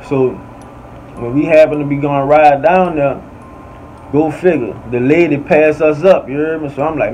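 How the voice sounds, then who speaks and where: A man's voice: fairly high pitch, moderate pace, darkish tone. A man with a New Orleans accent telling a story casually, full of slang and constantly asking "you hear me". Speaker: podcast storyteller. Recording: slightly dull audio with faint air conditioning hum.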